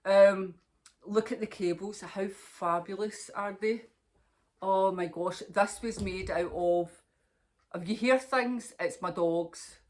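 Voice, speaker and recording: A woman's voice: medium pitch, takes it slowly, a little mellow. A woman hosting a knitting podcast, chatting casually and rambling on with gushing enthusiasm, filmed on her phone at home. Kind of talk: casual chat to camera.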